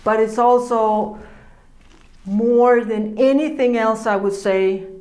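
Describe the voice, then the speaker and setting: Woman preacher, slightly high voice, chatty earnest teaching style, roomy echo. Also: fairly even intonation, slow, a little mellow. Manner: earnest, conversational, laughs often. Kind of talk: informal sermon teaching.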